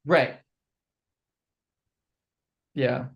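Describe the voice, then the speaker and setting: A man mentoring a group over a video call, thinking aloud as he reads product labels. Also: extremely slow.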